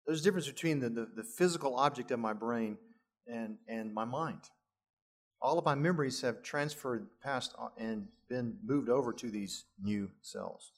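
A man's voice: mid-range voice, moderate pace. A middle-aged male pastor preaching a sermon, lifting his voice for emphasis and adding chuckling asides.

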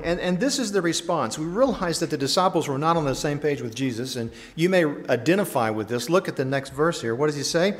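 Guy preaching a sermon, kinda high voice, chatty and animated, asks the crowd stuff. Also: a little fast, few pauses. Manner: animated, conversational preaching with rhetorical questions. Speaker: pastor.

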